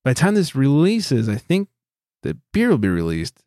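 A man's voice: medium pitch, huge pitch swings, moderate pace, warm tone, dry recording. A man hosting a casual podcast, reading out a countdown list in a loose, joking, foul-mouthed way. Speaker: podcast host.

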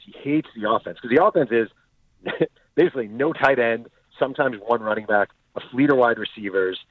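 A man's voice: mid-range voice, no echo. A man, the author being interviewed, telling stories with energy and acting out the quotes of the people in them. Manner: animated storyteller acting out quotes. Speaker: author and guest. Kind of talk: storytelling interview answers. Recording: tinny phone-line audio, dry.

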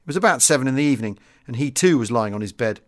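A man reading a wartime memoir aloud in a measured, formal first-person narration, as the host of his own audiobook series. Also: mid-range voice, lively intonation. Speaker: audiobook reader and podcast host.

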